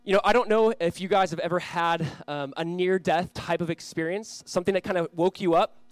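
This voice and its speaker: An earnest male pastor from Southern California delivers his sermon in a chatty, storytelling way, his voice sitting a little high for a man. The sound is dry and close, with no room around it. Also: a little fast, no echo. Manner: earnest, conversational, swings from loud reading to quiet prayer; storytelling with self-deprecating asides.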